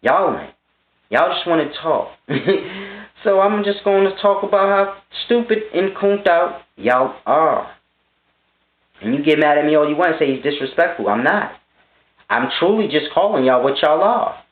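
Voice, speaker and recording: A man's voice: a little high, lively intonation, moderate pace. A man in his thirties delivering a blunt, scornful, profane monologue rant to his viewers. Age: 30s. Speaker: vlogger. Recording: tinny, phone-like and roomy.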